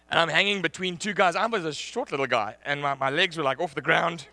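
A man preaching a sermon, telling a personal story in an animated way and laughing often. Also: high-pitched, vocal fry, dry recording.

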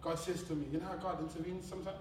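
Kiwi man preaching, higher voice, lively storytelling, echoey hall, mic far off, background noise. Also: racing. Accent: New Zealand. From New Zealand. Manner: animated storytelling, swings between loud laughing bursts and quiet earnest passages. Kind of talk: sermon with personal story.

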